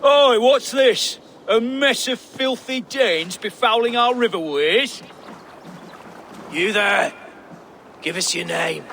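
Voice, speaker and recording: A gravelly, menacing Saxon raider. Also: male voice, a little high, slow pace, sharp tone, a little hiss or hum, full character voice. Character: hostile Saxon camp leader, gruff and threatening. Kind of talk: video game voice acting.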